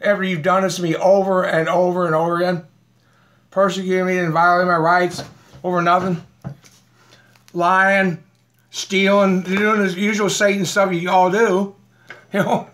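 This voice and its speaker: A man's voice: sits high, flat delivery, moderate pace, pauses often, fairly bright tone. A man vlogging in a rambling, combative way, laughing often and talking while eating. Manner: aggrieved, combative. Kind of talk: rambling live video chat.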